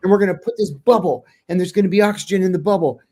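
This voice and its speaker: A man doing an eager, gushing tech founder whose run-on sentences pile up in a raised, excited voice. He talks in a quick, breathless string of "and then" boasts. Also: high voice, pitched above the performer's own voice. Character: excited male tech founder rambling about Mars.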